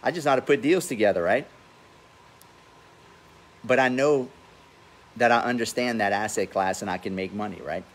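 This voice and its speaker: A man with a fairly low-pitched voice speaks at normal speed but pauses often. He's a forties-aged real estate investor and host giving frank, foul-mouthed business advice in an easygoing livestream beside his pool, and he describes his own accent as funny.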